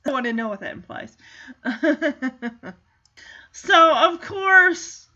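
A woman's voice: extremely high pitch, lively intonation, a little slow, bright, forceful tone, muffled recording. A woman giving a casual, chatty movie recap, reacting as she goes and leaning on "like" a lot. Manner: chatty, reactive, heavy use of "like".

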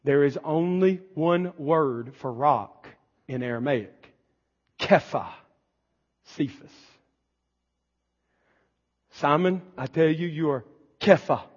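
A man preaching a sermon as pastor, building to shouted emphasis. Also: fairly high pitch, slow, long pauses, breathy edge. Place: church sanctuary. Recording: long church reverb, dull lo-fi sound.

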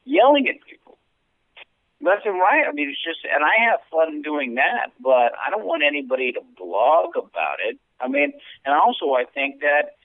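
Animated man on a tinny phone-like line. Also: on the high side, moderate pace, no room sound. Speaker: comedian podcast co-host. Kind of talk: casual chat.

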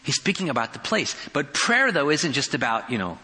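Man, pastor, sermon, bright voice, storytelling with jokes, reverberant hall. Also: fairly high pitch, sing-song, brisk. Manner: storytelling with humorous asides.

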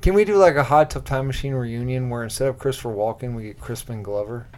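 A man's voice: medium pitch, quick pace, a little mellow. A man co-hosting a podcast, chiming in with short questions and quips in casual chat. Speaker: podcast co-host.

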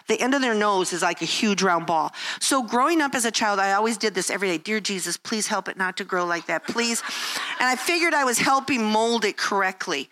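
In a medium-pitched, fairly bright voice, an older woman speaking as a Christian gives a candid devotional talk. She shares family stories at her own expense and acts out the lines people said.

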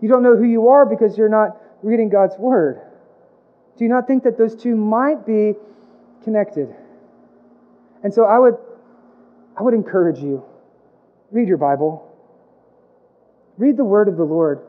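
A man's voice: very high-pitched, mellow. A male pastor preaching a sermon, emphatic and repetitive, with playful asides. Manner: emphatic preaching with comic put-on voices, repeated phrases. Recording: dull lo-fi sound.

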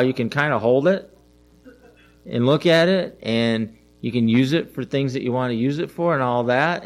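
A middle-aged man preaching a conversational sermon as a pastor, asking the listeners questions and repeating his phrases. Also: mid-range voice.

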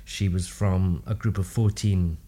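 A deep, husky-voiced man speaking at a measured pace is a speech and language therapist appearing as a podcast guest. In this casual storytelling interview, he shares personal anecdotes with warmth and humor, adding lively asides.

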